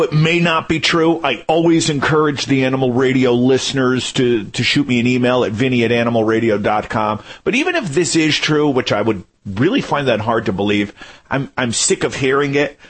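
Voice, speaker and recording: A man's voice: medium pitch, slightly rough. A man doing a jokey radio monologue, ranting in mock disbelief. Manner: animated, incredulous, jokey ranting. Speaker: radio show regular segment host. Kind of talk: comic monologue.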